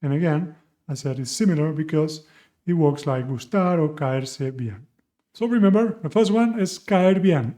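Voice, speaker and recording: A man's voice: high-pitched, dark tone. Playful male language teacher. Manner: playful, slows down to model phrases. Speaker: Spanish teacher. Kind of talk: language lesson to camera.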